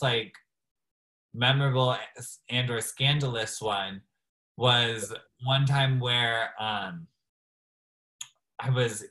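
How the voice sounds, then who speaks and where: A man's voice: mid-range voice, a bit bright, poor audio. A man appearing as a drag performer guest in a casual interview, telling stories in a chatty way and filling them with "like.". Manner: chatty storyteller, frequent "like".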